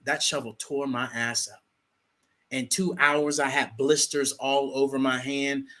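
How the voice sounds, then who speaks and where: A young man co-hosting a show, telling a folksy story in a casual, animated way and often repeating his words. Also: medium pitch, measured pace. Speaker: co-host.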